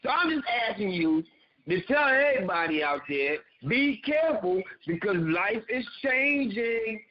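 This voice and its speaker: A man with a Philly accent rants through a casual podcast monologue, preachy and profane, chuckling at his own jokes. His voice sits high and swings widely. The audio is muffled and lo-fi. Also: very animated, measured pace, slight background noise. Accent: Philadelphia. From Philadelphia. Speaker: podcast host.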